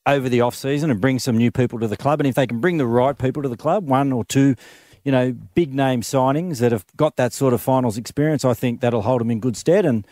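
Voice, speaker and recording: Measured man on footy radio. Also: mid-range voice, mellow, dry recording, clean studio sound. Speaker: sports radio panelist. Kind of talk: sports radio panel chat.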